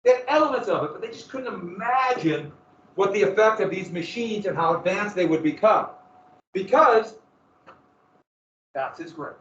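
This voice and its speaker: A man's voice: high voice, lively intonation, normal speed, pauses often, fairly bright tone. A male teacher giving a casual, joking class lecture that often wanders into personal stories. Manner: casual, joking, digressive storytelling. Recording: roomy, dull, from a distant mic.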